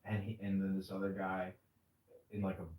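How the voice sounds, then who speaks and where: A man with a low, slightly deep voice talks in loose, profane banter and long rambling stories. He records in a roomy space, a little off the mic. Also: monotone, normal speed, a little mellow, recorded from a distance. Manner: profane, mocking, rambling anecdotes. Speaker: podcast host. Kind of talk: casual crude banter and storytelling.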